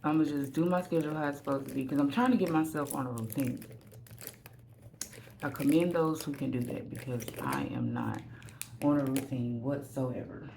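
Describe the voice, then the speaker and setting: Woman with a creaky voice telling a story. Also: very deep voice, big pitch swings, moderate pace, a little mellow, slight background noise. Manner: candid, rambling, self-deprecating. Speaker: vlogger. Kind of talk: casual storytime while getting ready. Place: at home.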